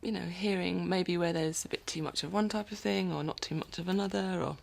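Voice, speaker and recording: A woman's voice: lowish voice, steady tone, brisk, gravelly, a little mellow, slight background noise. A woman musician rambling casually in a video diary from her recording studio, often dropping into whispered asides.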